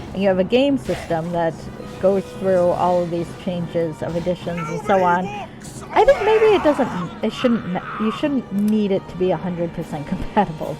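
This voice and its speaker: A woman with a somewhat low voice talks through a game she is playing, drifting into long profane tangents. Her tone is loose and offhand, like chatting with viewers. Soft game music plays faintly behind her. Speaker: streamer playing a video game. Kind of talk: casual let's-play commentary.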